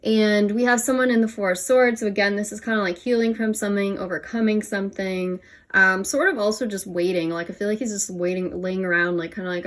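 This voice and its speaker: This young tarot reader has a mid-range voice, fairly even intonation, and a fairly quick delivery with hardly any pauses. Kneeling on the floor of a room at home, she leans over her cards, slightly breathless. Her casual reading is chatty, packed with "um" and "like," and she keeps laughing at herself.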